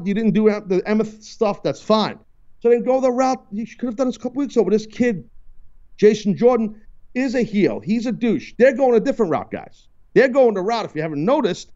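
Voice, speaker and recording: A man's voice: high voice, mellow, muffled recording. A man hosting a live talk radio show, ranting bluntly and repeating himself as he argues about wrestling. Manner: blunt, heated, repetitive ranting. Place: radio studio.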